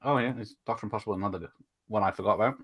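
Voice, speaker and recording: A man co-hosting a casual film chat, low-key as he reads out names from the live chat. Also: very fast, fairly bright tone, husky.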